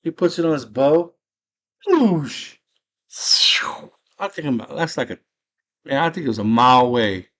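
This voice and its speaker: A man's voice: mid-range voice, animated, fast. A man casually recapping a movie in slangy, enthusiastic storytelling. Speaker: movie channel host.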